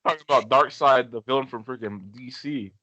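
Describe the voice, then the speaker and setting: A man co-hosting a casual podcast, animated and trying to keep the talk on topic. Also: mid-range voice, a little fast, no echo, dull audio. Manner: animated, keeps steering back on topic. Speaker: podcast co-host. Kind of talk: casual chat.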